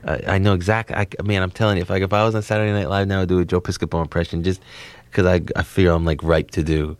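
A young man from New Jersey, a comedian being interviewed, talking in a rambling, excitable way with frequent restarts. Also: low voice, fast talker, dry recording. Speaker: comedian guest. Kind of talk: casual interview chat.

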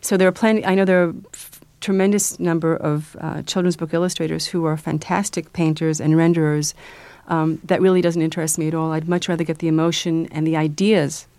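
A woman with a slightly low voice speaks as a radio interview guest. She hesitates and restarts often and laughs easily. The sound is dry and close. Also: little pitch movement, brisk, few pauses, darkish tone, no room sound. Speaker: guest, children's book author and illustrator.

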